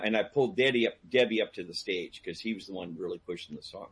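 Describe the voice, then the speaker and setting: A man telling a long story in casual chat, animated and laughing, acting out the people he quotes. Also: deep voice, quick pace, few pauses, husky. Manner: animated, acts out quoted voices, laughs a lot. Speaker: guest storyteller; DJ and karaoke host. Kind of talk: casual storytelling on a call-in talk show.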